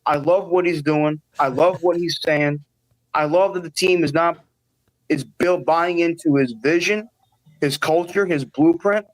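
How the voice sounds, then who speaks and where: Earnest rambling caller with dry sound. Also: male voice, on the high side, a little slow, dry recording, low-quality recording. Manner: earnest, rambling, self-deprecating. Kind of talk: call-in chat.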